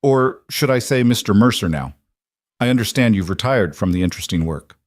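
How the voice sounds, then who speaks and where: A crisp, controlled female colonel who talks in orders, as a male narrator puts her on. The delivery stays cool and clipped, in a fairly low, plain voice. The recording is dry and close. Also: animated, a little fast, no echo, lightly acted. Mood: cool commanding.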